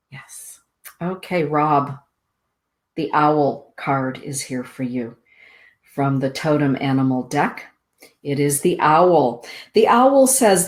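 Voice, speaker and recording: A middle-aged woman hosts a spiritual show and reads oracle cards to listeners. Her voice sits low and she takes her time, stretching out words in a calm, measured delivery. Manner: slow, soothing, deliberate delivery with drawn-out words. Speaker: host giving oracle card readings. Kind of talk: spiritual radio show card reading.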